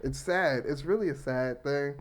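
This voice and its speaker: A man's voice: fairly high pitch, normal speed. A man chats on a podcast in a slightly raised voice. He laughs a lot and reacts playfully, sometimes turning wistful. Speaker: podcast co-host. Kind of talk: casual chat.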